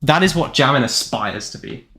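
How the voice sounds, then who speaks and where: Casting: young man in his twenties, mid-pitched, rambling and jokey gameplay streamer. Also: expressive, moderate pace, fairly bright tone, slight background noise. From Canada. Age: 20s. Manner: rambling, self-deprecating, jokey, lots of "like" fillers. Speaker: game streamer. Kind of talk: casual gameplay live-stream chat.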